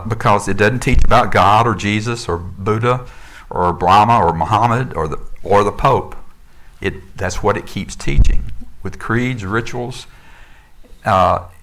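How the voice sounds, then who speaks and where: A man's voice: deep voice, fairly bright tone. A middle-aged man, a minister, giving a conversational sermon and telling a story with many fillers and restarts.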